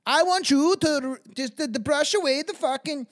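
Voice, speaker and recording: A podcast host putting on a high, loud voice as a crude, lusty farm widow. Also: normal speed, lightly acted. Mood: lewd.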